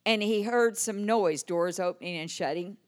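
An older woman preaching a sermon, telling a story with frequent amens and swinging from hushed tones to loud exclamations. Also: medium pitch, unhurried.

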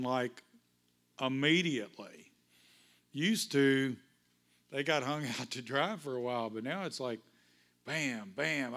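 A man's voice: mid-range voice, a bit bright. A male pastor preaching a fervent sermon in church, praying and reading scripture with call-and-response to the congregation.

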